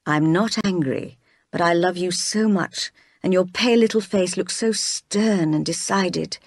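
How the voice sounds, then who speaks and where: A woman reading aloud as a brooding, passionate gentleman who is quick to anger, in her own plain voice. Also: fairly low pitch, dry recording, studio quality.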